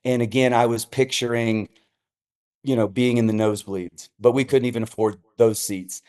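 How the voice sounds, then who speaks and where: A middle-aged man, a senior pastor, spins stories as a podcast guest. He talks casually and acts out each person he quotes, jumping up for his son and dropping low for himself. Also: moderate pace. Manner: animated, acts out quoted voices. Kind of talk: storytelling in casual podcast chat.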